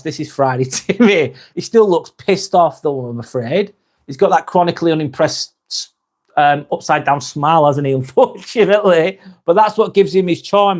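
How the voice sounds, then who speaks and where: A man hosting a casual live vlog, reading viewer comments aloud and chatting back to them. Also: fairly high pitch.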